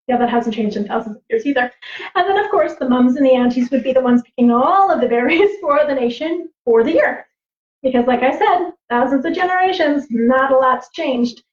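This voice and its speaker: A woman storyteller and teacher on a livestream, animated and laughing, acting out voices as she tells stories. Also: high voice, brisk. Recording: roomy, slightly dull livestream audio.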